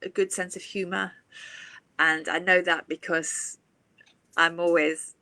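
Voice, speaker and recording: A woman's voice: on the low side, steady tone, a little slow, sharp tone, dry recording. A woman hosting a casual live chat, talking in a chatty way with many asides.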